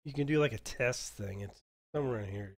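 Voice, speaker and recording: Rambling man hosting a software tutorial. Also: mid-range voice. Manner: rambling, halting with fillers while clicking through software. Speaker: dungeon master tutorial host. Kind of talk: casual screen-share tutorial.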